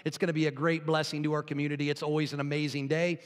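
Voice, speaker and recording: High-voiced pastor guy talking to his church, lots of hall echo. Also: level tone, very fast. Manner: jokey, chuckles at own joke. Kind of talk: sermon with opening joke. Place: church sanctuary. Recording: long reverb of a large hall.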